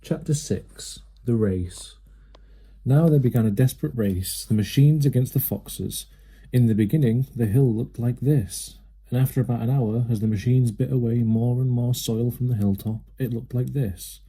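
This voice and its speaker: A man narrating a children's storybook aloud with a steady, lively manner. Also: mid-range voice, normal speed, husky. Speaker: reader.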